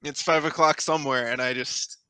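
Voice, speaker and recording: A man playing a tabletop game, speaking casually with hesitant pauses. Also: on the high side, steady tone, sharp tone, clean tone, no room sound, rough recording. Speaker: player.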